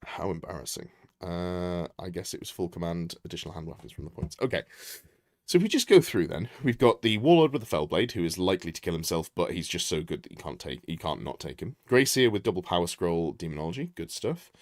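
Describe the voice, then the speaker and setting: A low-voiced man talks through a tabletop army list live, his pitch jumping around as he thinks aloud. He corrects himself mid-sentence and greets viewers in passing. The sound is dry and close, with no room around it. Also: very animated, fairly quick, a little mellow, no room sound. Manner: thinking aloud, self-correcting, chatty asides to chat. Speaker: streamer reviewing army lists. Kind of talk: casual live-stream commentary.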